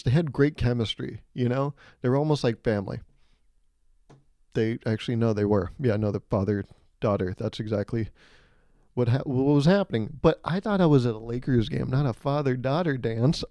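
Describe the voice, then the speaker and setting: A man hosting a solo comedy podcast, telling animated, self-mocking stories and laughing mid-sentence. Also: medium pitch, no room sound. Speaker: podcast host.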